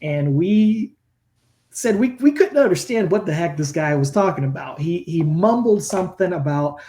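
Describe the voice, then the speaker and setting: A man co-hosting a podcast, chatting in a relaxed, casual way. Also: medium pitch, normal speed. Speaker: podcast co-host.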